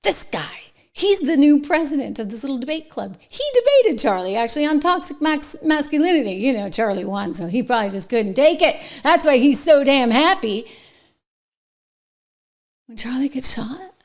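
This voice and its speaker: A middle-aged woman hosting her own political commentary show, talking in an indignant, emphatic, sarcastic way that swings between hushed whispers and loud outbursts. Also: high-pitched, very animated, fairly quick.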